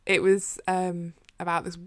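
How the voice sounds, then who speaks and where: A woman co-hosting a podcast, her voice sitting a little low. She chats casually and emphatically, piling on mock outrage and tripping into quick restarts. The sound is dry and close, with no room around it. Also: completely flat delivery, fairly bright tone, smooth, no room sound. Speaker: podcast co-host. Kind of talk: casual chat.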